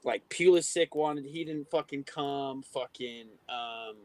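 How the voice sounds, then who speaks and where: A man's voice: mid-range voice, slow, a little mellow, dry recording. A man co-hosting a casual livestream chat, talking crudely and swearing often. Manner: crude, profane, laughing often. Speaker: podcast co-host.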